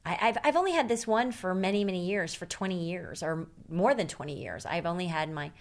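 A woman co-hosting a casual podcast chat, telling stories with animated bursts. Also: lowish voice, a little fast. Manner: chatty, storytelling, animated laughter. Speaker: podcast co-host. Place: Chicago.

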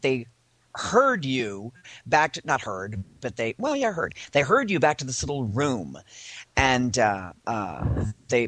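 Man storyteller, bright husky voice, lively and theatrical, mimics voices, dry close mic. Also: medium pitch, no echo. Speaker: podcast co-host. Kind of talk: casual storytelling chat.

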